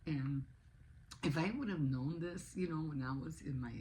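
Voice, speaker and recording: A woman's voice: sits low, moderate pace, darkish tone, a little hiss or hum, rough recording. A woman in her sixties chatting casually in a vlog, rambling along with many restarts. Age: 60s. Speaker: vlogger. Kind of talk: casual chat.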